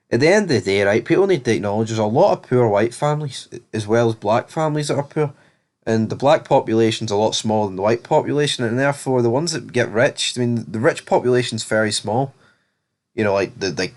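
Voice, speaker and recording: Blunt man recapping a TV episode. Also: fairly low pitch. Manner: opinionated, blunt, sarcastic asides. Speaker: TV series reviewer.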